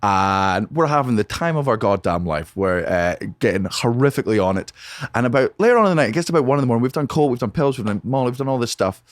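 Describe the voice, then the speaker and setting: A young man, a comedian guesting on a podcast, telling a wild story in a rapid, profane, excitable way, recorded in a home studio on a podcast mic. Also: medium pitch, no echo. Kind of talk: animated anecdote telling.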